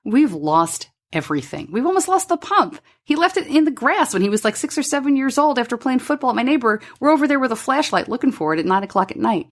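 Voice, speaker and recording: A woman's voice: high voice, fast talker, few pauses. A middle-aged woman hosting a podcast from her home studio, candidly telling a personal story and acting out the dialogue. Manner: candid, animated, acts out quoted dialogue. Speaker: podcast host.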